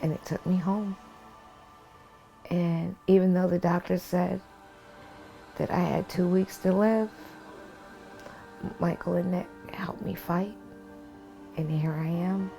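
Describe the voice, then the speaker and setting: Slow, gravelly-voiced woman telling her story. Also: on the low side, steady tone, dark tone, soft background music. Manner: earnest, heartfelt storytelling, sing-song when quoting others. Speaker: documentary interviewee. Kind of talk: personal storytelling interview.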